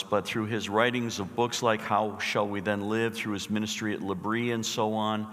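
A middle-aged male pastor preaching a sermon, telling a story in an emphatic, animated way. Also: on the low side, big-room sound.

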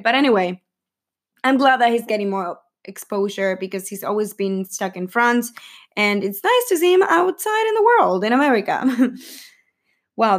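A woman reviewing a film in casual, rambling chat with gushing asides. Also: medium pitch.

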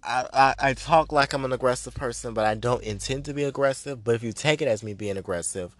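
A man rants straight into the mic, blunt and heavy on the profanity, in a dry, close-sounding recording. His pitch sits in an ordinary middle range for a man, and he hammers each point home as a spiritual reader talking to his listeners. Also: fast, no room sound. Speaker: spiritual reader and podcast host. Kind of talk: ranting podcast monologue.

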